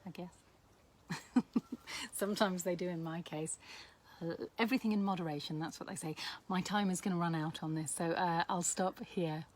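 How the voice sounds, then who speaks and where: Brief: middle-aged woman, lowish voice, chatty sign teacher, self-deprecating. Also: fairly even intonation, moderate pace. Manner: chatty and warm, laughing at herself. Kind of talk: casual teaching video to camera.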